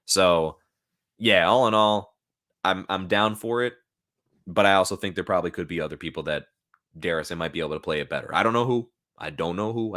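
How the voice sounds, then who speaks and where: A man with a very low voice talks loosely and at length on a casual live stream, swearing now and then. He reads out chat comments and answers them. He is recorded at home through a new streaming microphone. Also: a bit bright. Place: at home, in front of a laptop.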